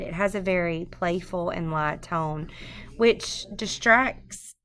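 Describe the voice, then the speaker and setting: A woman giving an unscripted recorded lesson on a poem, pausing often with ums and restarts. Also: lowish voice, a bit bright. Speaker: teacher. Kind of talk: screencast poetry lesson.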